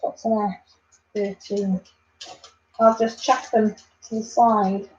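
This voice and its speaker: Taking it slowly, a woman with a medium-pitched, level voice chats on a live stream from her home. She is a Welsh vlogger, warm-hearted and talkative, who rambles on and speaks to viewers by name, heard through lo-fi sound.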